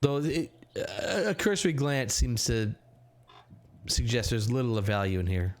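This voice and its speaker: A man running a tabletop game as game master, describing scenes with many pauses and fillers. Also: mid-range voice. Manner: hesitant, filler-heavy.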